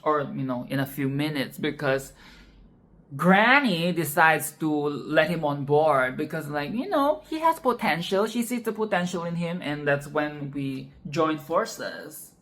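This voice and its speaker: Low-voiced woman gushing about a film. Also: animated, unhurried, a bit bright. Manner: emphatic, profane, repeats points with "okay?". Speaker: film reviewer. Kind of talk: casual film discussion vlog.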